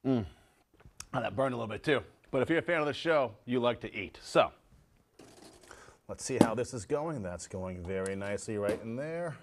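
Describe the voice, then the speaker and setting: A man hosts a relaxed home cooking show from his kitchen, talking to the folks at home as he cooks and tastes. He speaks at an everyday middle pitch in a chatty, easygoing way. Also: moderate pace, a little hiss or hum. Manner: chatty, tasting food and talking to viewers as folks.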